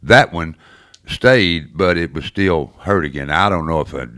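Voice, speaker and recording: A man's voice: deep voice, animated, moderate pace, a bit bright, dry recording, clean studio sound. A man in his sixties hosting a morning radio show, talking in a folksy, rambling way with lots of uhs. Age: 60s or older. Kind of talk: casual morning radio chat. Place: radio studio.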